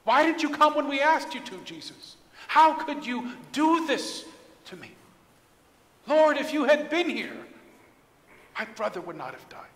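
A man's voice: a little high, lively intonation, fairly quick, vocal fry, hardly any pauses, pushed and bright, exaggerated voice. A man voicing a grieving woman who reproaches Jesus for coming too late, in a pleading, accusing tone. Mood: grieving, reproachful. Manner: pleading, accusing, raised and strained. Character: grieving grown woman, sister of the dead, reproachful. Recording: long church-hall reverb.

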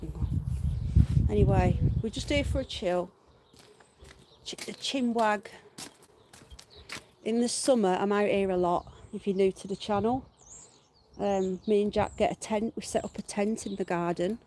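A woman's voice: medium pitch, unhurried, long pauses, mellow, slight background noise. A middle-aged British woman chatting casually on a live stream from her back garden, laughing and swearing freely. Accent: British English.

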